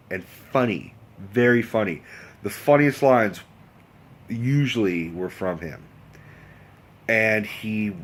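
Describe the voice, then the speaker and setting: A man's voice: lowish voice, fairly bright tone. A man in a casual vlog rant, telling a story in a rambling, profane way with many restarts. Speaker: vlogger.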